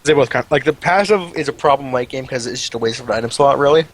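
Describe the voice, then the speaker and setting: A man co-hosting casual game commentary, giving quick, opinionated takes. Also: medium pitch, low-quality recording. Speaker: co-caster.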